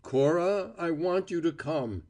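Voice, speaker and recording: A man reading an audiobook voices an imploring, smooth-talking man. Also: fairly high pitch, lively intonation, a little slow, darkish tone, pitched above the performer's own voice. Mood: pleading. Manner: imploring, pressing. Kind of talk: audiobook character voice.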